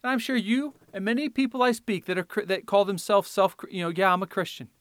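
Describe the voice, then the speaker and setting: Fiery high-voiced male preacher. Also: fairly quick, no echo. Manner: fiery, rising to loud declamation when reading scripture. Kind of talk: sermon.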